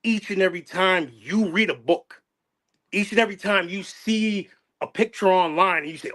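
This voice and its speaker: A man's voice: sits high, normal speed, pushed and bright. A middle-aged man hosting his channel, talking in an emotional, passionate way, repeating phrases and restarting his sentences. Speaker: channel host. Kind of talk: emotional casual chat.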